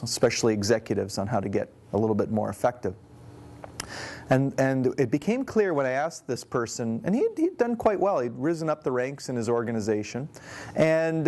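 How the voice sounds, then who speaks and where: A man's voice: medium pitch, a little mellow. Man explaining sarcasm in workplace training. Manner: conversational, explaining with anecdotes. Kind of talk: training presentation.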